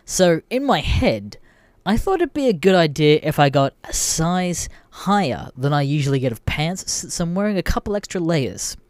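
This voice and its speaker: A man's voice: fairly high pitch, very animated, normal speed, no room sound. A young Australian man hosting a podcast, telling a story casually with lots of swearing and laughter. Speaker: podcast host.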